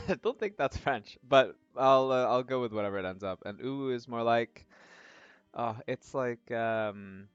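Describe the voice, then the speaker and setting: A man's voice: mid-range voice, measured pace, smooth, no room sound. A man streaming a game, chatting casually with his viewers in a rambling way. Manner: chatty, rambling, frequent fillers and laughs. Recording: dull lo-fi audio with faint music.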